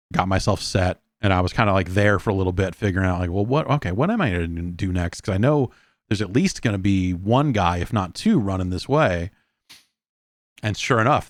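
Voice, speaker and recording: A man's voice: deep voice, no echo, studio quality. A man hosting a podcast, reading a listener email and telling loose, profane gaming stories with many restarts. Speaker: podcast host. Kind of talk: casual solo podcast talk. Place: quiet room at home.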